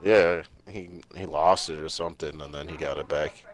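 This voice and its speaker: A man's voice: rumbling low, steady tone, moderate pace. A young man co-hosting a casual podcast, exasperated and swearing often. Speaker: podcast co-host.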